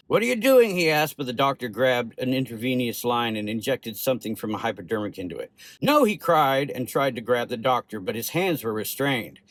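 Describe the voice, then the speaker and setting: A man narrating a horror short story in a steady, measured way. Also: medium pitch, no room sound.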